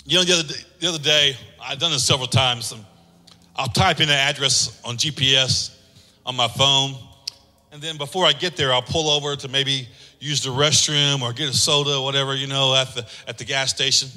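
A man's voice: mid-range voice, fairly even intonation, brisk, sharp tone. A man preaching a sermon with impassioned, sung-out lines, acting out voices in his stories. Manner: acts out voices in anecdotes. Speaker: pastor. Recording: long hall reverb.

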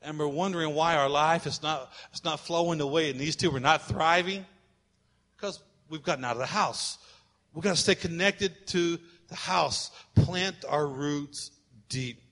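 High-voiced preaching pastor, shouting at times. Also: male voice, normal speed. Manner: emphatic and repetitive, at times shouting. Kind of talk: sermon.

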